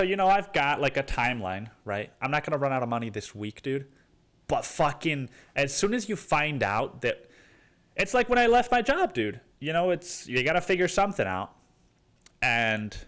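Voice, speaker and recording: A young man hosting his own podcast, rambling and swearing casually, saying "dude" constantly and jumping into mock voices. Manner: animated, jumps into high mock voices. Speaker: podcast host. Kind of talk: casual solo podcast monologue.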